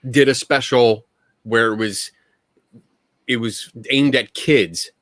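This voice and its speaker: A man's voice: medium pitch, slow pace, a bit bright, no echo. A man co-hosting a casual podcast chat, ranting angrily and swearing, then laughing it off. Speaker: podcast co-host.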